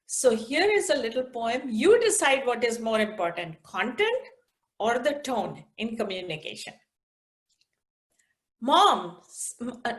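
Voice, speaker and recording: A woman's voice: on the high side, sing-song, unhurried. A middle-aged woman speaking as an interview guest, thoughtful and a little hesitant, who also reads a poem aloud. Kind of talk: conversational interview with poetry reading.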